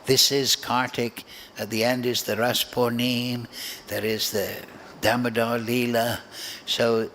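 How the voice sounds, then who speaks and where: A man giving a devotional scripture class, speaking in a slow, deliberate and reflective way. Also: mid-range voice, little pitch movement, bright, forceful tone, slight background noise. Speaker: spiritual teacher.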